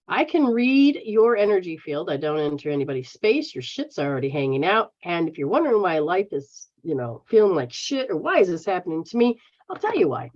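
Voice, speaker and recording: On a dull, lo-fi live stream, an American woman from the United States works as a spiritual healer, answering viewers in a blunt, casual way and swearing freely. Her voice is mid-range and a little mellow.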